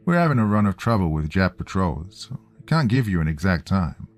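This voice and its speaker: A man's voice: low voice, very animated, brisk. A man voicing a cheerful radio operator with an Australian accent. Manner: breezy, cheerful.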